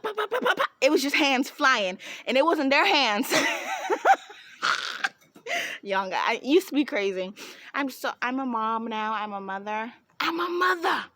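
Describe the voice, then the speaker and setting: A young woman tells a wild story in a fairly high voice. She talks excitably and bursts into laughs and shouts. The sound is dry and close, with no room in it. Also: no echo. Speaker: vlogger. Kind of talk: animated storytime.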